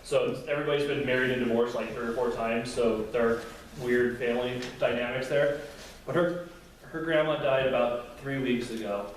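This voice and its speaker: A man's voice: medium pitch, fairly even intonation, moderate pace, slight background noise. A young man giving a casual Bible lesson to a youth group, speaking conversationally and acting out quotes with feeling. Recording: very echoey room, distant mic, faint ambience.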